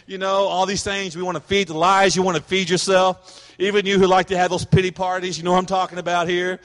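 A middle-aged man delivers a sermon from the pulpit, his voice sitting high for a man. He preaches with animation, slipping into the voices of the people he talks about. The sound rings with the long reverb of a church hall. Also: steady tone, fast, fairly bright tone. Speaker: pastor.

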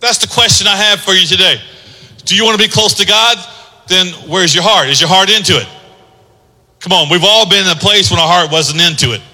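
A man preaching a sermon as pastor, building from quiet teaching to loud, rising exhortation. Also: sits high, fairly quick. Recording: long hall reverb.

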